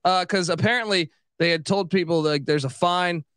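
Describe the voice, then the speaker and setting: A man's voice: high-pitched, moderate pace, a bit bright, smooth, dry recording, clean studio sound. A man hosting a casual sports chat who rants, swears and gets worked up. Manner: ranting, profane, gets worked up. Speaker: podcast host.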